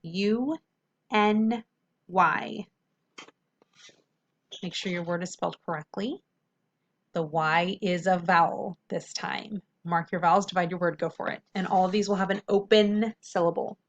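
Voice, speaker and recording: A woman teacher giving a phonics lesson to children, friendly and encouraging, drawing out syllables slowly when she sounds out words. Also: on the low side, steady tone, highs cut off.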